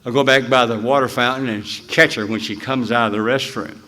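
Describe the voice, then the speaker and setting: A man's voice: mid-range voice, steady tone, sharp tone. Folksy man telling his story. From Dallas, Texas. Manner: candid, folksy storytelling with halting restarts. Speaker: recovery speaker at a convention. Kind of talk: personal testimony talk. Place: convention hall.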